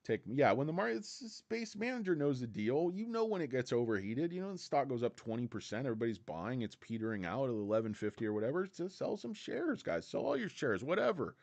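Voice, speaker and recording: A man's voice: medium pitch, big pitch swings, brisk, vocal fry, few pauses, a little mellow, dry recording. Rambling, crude-talking man streamer. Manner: rambling, crude and sarcastic, swings between mutters and outbursts. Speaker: stock streamer host. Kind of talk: casual livestream chat.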